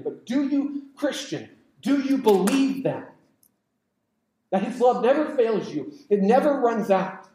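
Impassioned high-voiced male preacher. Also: warm tone, roomy sound, low-quality recording. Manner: conversational, builds to impassioned climaxes. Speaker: pastor. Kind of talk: sermon.

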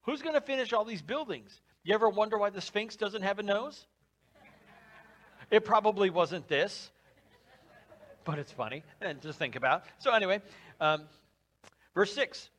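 A man preaching a sermon, lively and conversational, acting out quotes from scripture and dropping his voice low for emphasis. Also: normal speed, long pauses. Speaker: pastor.

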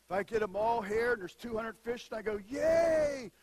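High-voiced husky male preacher. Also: fast, low-quality recording. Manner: animated preaching, swinging from quiet asides to loud emphatic bursts. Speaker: pastor. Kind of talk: sermon.

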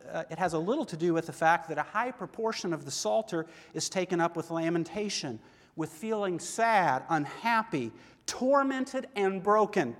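A man's voice: sits high, fairly bright tone, big-room sound. A middle-aged man preaching a sermon in a church, earnest and conversational, asking his listeners questions. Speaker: pastor.

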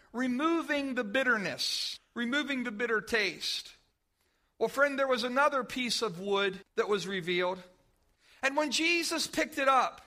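High, bright-voiced man preaching with emphasis. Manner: emphatic preaching with slow drawn-out stresses and playful asides. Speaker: pastor. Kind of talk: sermon. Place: church service.

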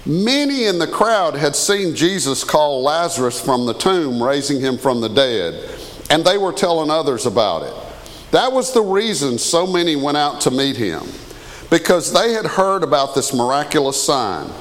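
A man's voice: a little high, big pitch swings, moderate pace. A man, preaching a conversational sermon as a pastor and often asking the congregation questions. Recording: long hall reverb.

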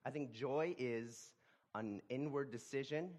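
A man giving a sermon, talking in a halting way with frequent repeated words and restarts. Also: medium pitch, a little mellow. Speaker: preacher.

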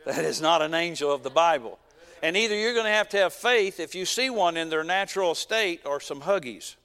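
A man's voice: a little high, lively intonation, brisk, fairly bright tone, smooth, long reverb tail. A man preaching a sermon in a folksy, emphatic way, full of repetition and homespun humor.

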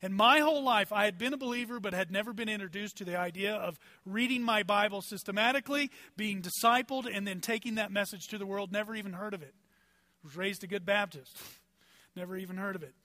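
A man's voice: high-pitched, fairly quick, pushed and bright, no echo, clean studio sound. A male pastor preaching a sermon in a conversational, storytelling way, building his points through strings of rhetorical questions. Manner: conversational, personal anecdotes.

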